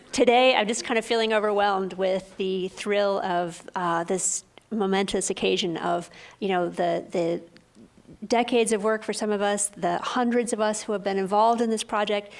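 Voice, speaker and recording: A middle-aged woman scientist speaking at a press briefing, earnest and hesitant with frequent fillers. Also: mid-range voice. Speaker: planetary scientist on a panel.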